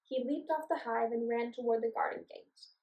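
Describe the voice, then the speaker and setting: A woman's voice: fairly high pitch, normal speed, lo-fi sound. Woman reading a children's story aloud. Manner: expressive, clear storytelling. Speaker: storybook reader. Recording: echoey room, voice from a distance.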